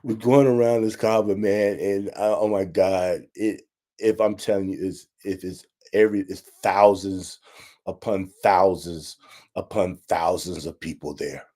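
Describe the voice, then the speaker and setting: Heartfelt, low-voiced man telling a story. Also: steady tone, unhurried, warm tone. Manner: heartfelt, repetitive, addresses listeners directly. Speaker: podcast host. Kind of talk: emotional personal storytelling.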